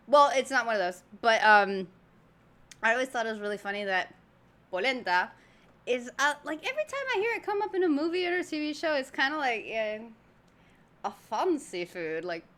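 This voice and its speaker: A woman's voice: a little high, pushed and bright. A woman from Argentina giving chatty, laughing reaction commentary as a video host. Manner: chatty, laughing, thinking aloud.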